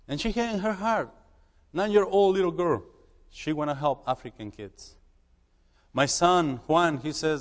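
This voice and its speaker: A man who is a missionary preaching in a church, halting and repeating words as he urges the congregation. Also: a little high, long reverb tail. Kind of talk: sermon.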